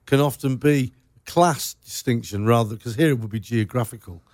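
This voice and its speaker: A man's voice: medium pitch, moderate pace, darkish tone, no echo, studio quality. A man hosting a radio show, chatting casually and joking with his guest, laughing often. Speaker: radio host. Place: radio studio.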